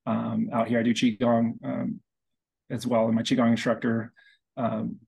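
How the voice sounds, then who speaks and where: A man's voice: mid-range voice, little pitch movement, moderate pace, vocal fry, darkish tone, slightly rough. Rambling man telling a story casually. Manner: rambling, full of "like" and filler. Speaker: podcast guest, breathwork practitioner.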